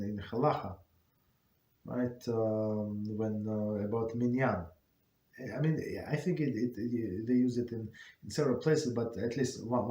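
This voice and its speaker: Man teaching, halting, in an echoey room. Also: medium pitch, darkish tone. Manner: halting, many fillers and restarts. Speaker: rabbi teaching a class. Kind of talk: informal Torah class.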